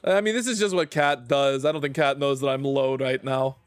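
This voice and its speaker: A man's voice: medium pitch, steady tone, normal speed, hardly any pauses, smooth, no room sound. A man streaming a video game, talking to himself and to chat, groaning and sighing over what he has lost. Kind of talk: casual gaming livestream commentary.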